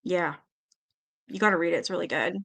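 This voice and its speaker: A woman hosting a live-stream panel, chatting casually and reading viewer comments aloud with quick asides. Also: lowish voice, vocal fry. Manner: chatty, animated, quick asides and little laughs.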